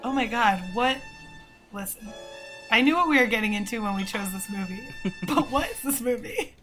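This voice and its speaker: A woman's voice: on the high side, lively intonation, moderate pace, a bit bright, faint music behind, rough recording. A woman co-hosting a podcast, chatting casually with sassy quips and frequent laughter. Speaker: podcast co-host. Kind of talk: casual movie-riffing chat.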